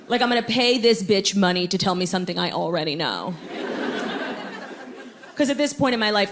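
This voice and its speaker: A woman's voice: mid-range voice, background noise. A young woman doing a stand-up comedy set on a theatre stage, brash and self-absorbed, with dry sarcasm. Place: theatre stage before a live audience. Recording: live theatre recording with crowd laughter. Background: audience laughter.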